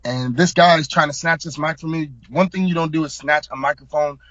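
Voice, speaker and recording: Animated young man telling a wild story. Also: a little high, brisk, no echo, highs cut off. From South Florida. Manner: animated, slangy, emphatic. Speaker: guest, hip hop artist. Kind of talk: casual storytelling.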